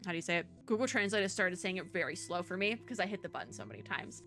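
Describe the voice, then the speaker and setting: A woman's voice: lowish voice, lively intonation, rapid-fire, few pauses, fairly bright tone. Brief: rambly young woman doing casual let's-play chat, game music faint behind. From US Midwest. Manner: chatty, rambling, heavy use of "like". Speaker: VTuber let's player. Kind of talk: casual gameplay commentary.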